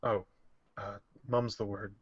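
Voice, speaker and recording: A man's voice: on the low side, flat delivery, slow, husky, no room sound. Hesitant man playing a tabletop game, dry sound. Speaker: player. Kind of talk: casual role-play chat. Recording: dry, muffled lo-fi voice chat.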